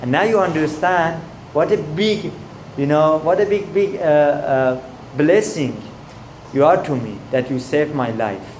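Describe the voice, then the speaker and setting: A man's voice: a little high, measured pace, darkish tone, echoey room, a little hiss or hum, lightly acted. A man doing an angry, proud emperor. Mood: lecturing. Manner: indignant, scolding. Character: angry, proud male emperor, short-tempered.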